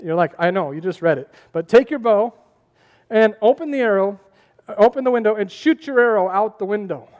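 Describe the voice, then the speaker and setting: High-voiced preacher man in an echoey hall. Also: brisk, dull audio. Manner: animated preaching, asks the crowd questions. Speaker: pastor. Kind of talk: sermon.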